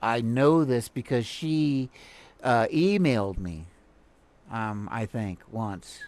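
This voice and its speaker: A man's voice: mid-range voice, expressive, takes it slowly, a little mellow, no echo. An American man hosting a livestream, giving casual, rambling commentary full of fillers and restarts. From United States. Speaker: livestream host reacting to a video.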